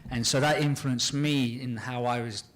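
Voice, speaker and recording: A man answering fan questions at a convention panel, animated and excitable, often acting out scenes and laughing as he talks. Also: medium pitch, normal speed. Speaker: actor guest at a fan panel. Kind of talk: casual panel Q and A.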